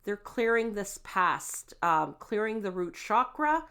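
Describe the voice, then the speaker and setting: A woman giving a tarot card reading, gentle and reassuring, with frequent fillers and "okay?" check-ins. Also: mid-range voice, sing-song, slow pace. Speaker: tarot reader.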